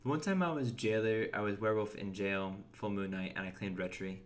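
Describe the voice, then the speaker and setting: A young man with a lowish voice talks briskly and casually while streaming a game, reading chat and responding to it, often restarting his words mid-sentence.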